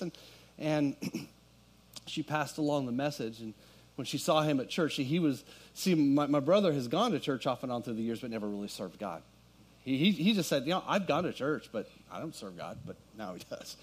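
A husky, medium-pitched male voice, animated and at a moderate pace, belongs to a middle-aged pastor before his congregation in the sanctuary. He tells a story that swells into fervent preaching.

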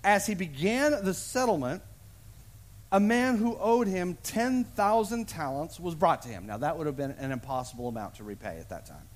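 A man's voice: on the high side, normal speed. A male pastor preaching a sermon and acting out the voices of a parable as he tells it. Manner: animated storyteller, acts out voices in the parable. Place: church sanctuary.

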